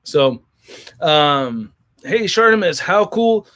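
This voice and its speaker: Chatty guy on a stream, swears a lot, rambles and restarts, voice sits a bit high. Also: sing-song, slow, fairly bright tone. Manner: rambling, profane, jokey, many restarts. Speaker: toy collector channel host. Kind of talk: casual livestream chat, reading viewer comments.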